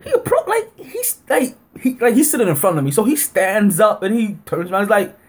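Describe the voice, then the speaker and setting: A man tells a game-day story on his sports podcast, his pitch leaping up and down as he acts out both sides of the argument. His voice is a little husky. He talks loosely, packing in "like" and breaking into laughter. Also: sing-song, brisk. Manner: heavy use of fillers like "like" and frequent laughter. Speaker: podcast host. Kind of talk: casual storytelling.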